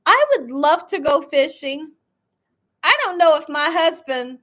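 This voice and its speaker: Woman doing a live stream, pretty high voice, chatty and playful, laughs a lot. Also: expressive, takes it slowly, a bit bright. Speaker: live-stream cooking channel host. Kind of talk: casual live-stream chat with viewers.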